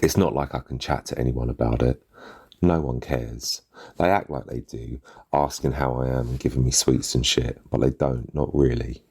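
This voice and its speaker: Brief: adult man narrating a first-person story in street slang, voice very low and husky, bitter. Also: normal speed, a little mellow.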